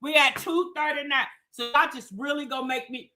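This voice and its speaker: Woman streamer, high bright voice, breathless auctioneer-style chant. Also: brisk, hardly any pauses. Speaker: livestream host. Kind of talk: casual livestream chat.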